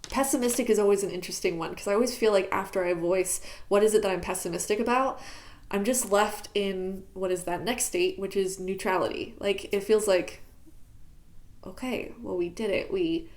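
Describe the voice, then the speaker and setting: A woman talking candidly in a reflective personal vlog, searching for words with many fillers, recorded in her bedroom. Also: medium pitch. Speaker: YouTuber. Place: bedroom at home.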